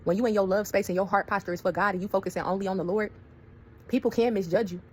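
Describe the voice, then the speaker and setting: A woman telling a story to her viewers in a casual, animated way, acting out quoted voices. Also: mid-range voice, quick pace, breathy edge. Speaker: storyteller vlogger.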